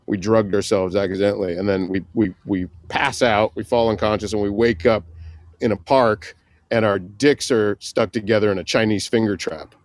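A man's voice: on the low side, fairly even intonation, moderate pace, dry recording, studio quality. Laughing man telling a wild story. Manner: laughing storyteller, acts out shouted quotes. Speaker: guest, comedian and prank filmmaker. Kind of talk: animated anecdote telling.

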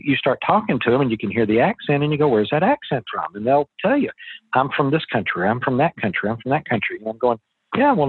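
A man's voice: fairly low pitch, husky, no echo. A middle-aged man talking as an interview guest, a chatty, folksy storyteller who often restarts his sentences. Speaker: real estate investor guest. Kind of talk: casual interview talk. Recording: tinny phone line.

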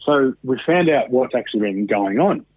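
A man tells his story as a guest in loose, profane chat, often slipping into what others said. His voice comes through husky and thin, like over a phone line. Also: mid-range voice, expressive, normal speed, no room sound. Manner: swears often, acts out quoted dialogue. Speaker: podcast guest. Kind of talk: casual storytelling interview.

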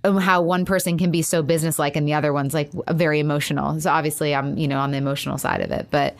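A woman talking through a painful separation, halting with many restarts and quoting herself. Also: deep voice, flat delivery. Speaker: caller seeking advice. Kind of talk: emotional personal conversation.

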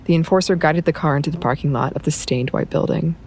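A woman narrating a novel in a measured, even storytelling manner. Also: deep voice, slight background noise. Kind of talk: audiobook narration.

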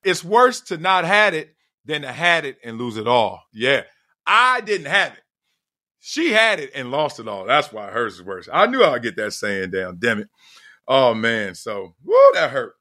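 Lively bright-voiced man telling stories. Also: medium pitch, measured pace. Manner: animated storytelling, laughs often, slangy. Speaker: podcast host. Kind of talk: casual solo podcast chat.

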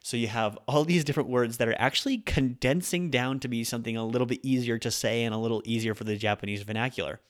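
Young adult male host, relaxed teacher of Japanese, chatty with fillers and restarts, mid-pitched voice. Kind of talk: casual spoken language lesson.

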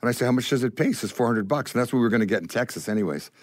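An older Canadian man, a guest musician, telling stories in an animated way and acting out the voices of the people in them. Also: mid-range voice, racing, no room sound. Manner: acts out voices in his stories. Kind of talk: animated storytelling.

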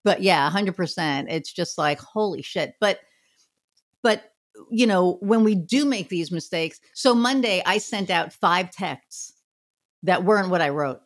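A woman's voice: fairly low pitch, animated, unhurried. A woman who runs a marketing business, chatting casually and candidly, swearing freely and acting out what people said. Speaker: podcast guest, marketing business owner. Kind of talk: casual chat.

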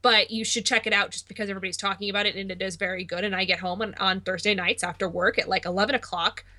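A woman's voice: mid-range voice, steady tone, quick pace, bright, forceful tone. A woman on a podcast chatting casually and enthusiastically, often repeating words. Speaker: podcast co-host. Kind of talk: casual chat.

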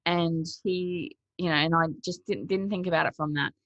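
A woman with a low, gravelly voice talks through her story as an interview guest, acting out the lines people said to her. Her delivery is lively and conversational. The recording sounds dull, lo-fi and dry. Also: normal speed, no echo. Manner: lively retelling, acts out quotes, laughs between thoughts. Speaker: interview guest, cold-water swimmer.

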